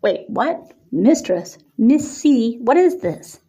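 Woman reading a flustered college boy, pleading, mellow tone. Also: fairly high pitch, very animated, slow pace, slightly rough, highs cut off, pitched above the performer's own voice, full character voice. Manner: protesting, pleading. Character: nervous flustered young male college freshman.

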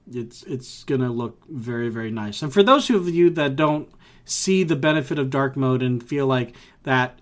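A man co-hosting a casual tech podcast, rambling with restarts and acting out his reactions. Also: medium pitch. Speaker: podcast co-host.

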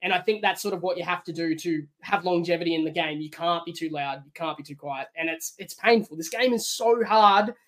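A woman's voice: on the low side, a little fast, hardly any pauses. A woman with an Australian accent, a guest on a podcast, arguing her view in casual chat and acting out quotes. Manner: animated, argumentative, acts out quotes. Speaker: podcast guest, former contestant.

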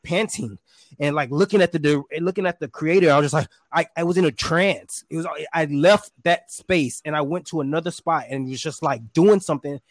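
Animated man telling a story. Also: fairly high pitch, fairly quick, dry recording. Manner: animated, acts out quotes with shouts and pants. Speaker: guest, stage performer. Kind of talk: casual interview storytelling.

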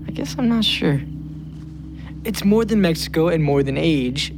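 A man's voice: on the high side, animated, unhurried, noisy background. A hesitant, thoughtful teenage boy. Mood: reflective. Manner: hesitant, reflective, wry. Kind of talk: scripted audio drama.

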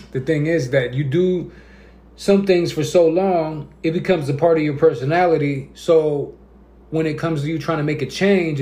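A man in his thirties hosts a casual podcast chat. His voice sits a bit high, and he acts out the people in his stories. The room is roomy and echoey. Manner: animated storyteller, acts out quotes. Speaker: podcast host.

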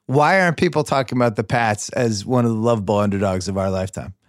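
A man hosting a sports podcast, chatting casually with mock-sentimental excitement in quick rising bursts. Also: fairly low pitch, dry recording, clean studio sound. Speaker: podcast host.

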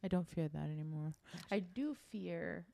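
A woman's voice: on the low side, normal speed, gravelly, dark tone, slight background noise. A young woman in casual chat with friends, playful and candid, laughing often.

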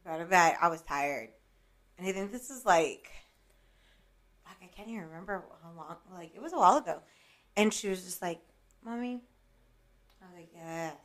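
A woman's voice: on the low side, lively intonation, brisk, long pauses, fairly bright tone. A young woman co-hosting a podcast in casual chat, telling a story loosely with lots of filler words and the odd swear. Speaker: podcast co-host.

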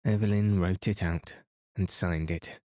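A man reading a novel aloud calmly for a sleep podcast. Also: low-pitched, a little slow, no room sound, clean studio sound. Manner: calm, soothing reading. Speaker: podcast narrator. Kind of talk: bedtime audiobook narration.

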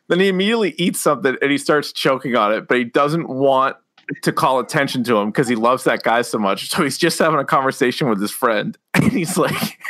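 A man's voice: medium pitch, a bit bright. A man co-hosting a podcast in a studio, casually retelling comedy sketches and acting out the quotes. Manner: laughs hard while retelling, acts out quotes. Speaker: podcast co-host. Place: radio studio.

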